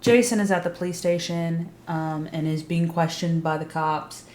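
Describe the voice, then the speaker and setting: A woman's voice: fairly low pitch, fairly even intonation, moderate pace, a little mellow, a little hiss or hum. A young adult woman recapping a TV series in casual, blunt, emphatic talk, swearing freely. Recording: roomy echo.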